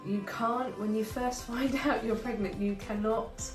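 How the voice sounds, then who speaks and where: A woman's voice: a little high, fairly even intonation, a little slow. Woman, 30s, pregnant co-host, earnest and thoughtful, echoey room, far mic, music. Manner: earnest, thoughtful, with frequent fillers. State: heavily pregnant. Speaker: co-host of a couple's channel. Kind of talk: casual chat. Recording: roomy, distant mic, clear music behind.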